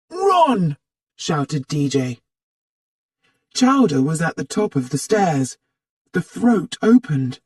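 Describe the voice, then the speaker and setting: A storybook narrator with a lively, swooping delivery and a slightly husky tone. The reading is slow and careful, for people learning English. The sound is close and dry. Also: medium pitch, no room sound. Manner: animated read-aloud, acts out the characters' lines.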